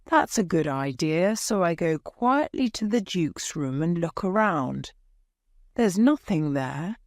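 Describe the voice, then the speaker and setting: A woman narrates a graded reader at a very slow, deliberate pace, in a somewhat low voice. The recording is dry and close, with no room sound. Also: animated, dry recording. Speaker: audiobook narrator. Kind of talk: slow scripted storybook narration for learners.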